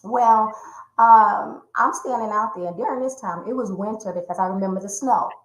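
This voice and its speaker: A woman, a domestic violence survivor and speaker, is an interview guest recounting a personal story and vividly acting out the voices she quotes. Her voice is medium-pitched at a normal speed, with roomy echo in the recording.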